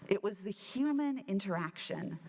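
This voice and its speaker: A woman minister giving a sermon, telling a story in a relaxed, conversational way with touches of humor. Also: medium pitch, normal speed, husky. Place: church sanctuary. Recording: church hall with long reverb.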